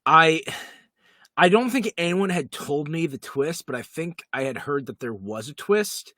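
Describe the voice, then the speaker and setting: A man's voice: a little high, animated, measured pace, sharp tone, no echo. A man co-hosting a podcast, chatting casually and giving emphatic opinions. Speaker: podcast co-host. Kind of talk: casual chat.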